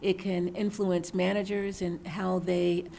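A middle-aged woman, an author and researcher, answering interview questions in a thoughtful, measured storytelling manner. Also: on the low side, flat delivery, gravelly, mellow, a little hiss or hum.

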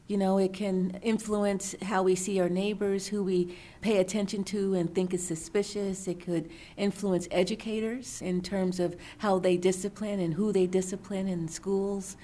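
A middle-aged woman, an author and researcher, answering interview questions in a thoughtful, measured storytelling manner. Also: mid-range voice, steady tone, warm tone.

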